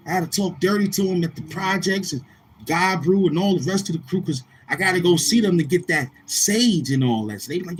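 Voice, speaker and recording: A man's voice: sits high, animated, a little fast, slight background noise. A man with a New York accent talking casually to camera as a vlogger, slangy and rambling, repeating tag phrases. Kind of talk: casual street talk to camera.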